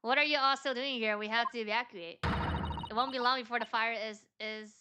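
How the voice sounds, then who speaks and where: Her voice sits on the high side and her intonation stays fairly even as she reads a game's dialogue fairly quickly, voicing each character in a let's-play. The recording is very noisy, with game music beneath her and casual asides between lines.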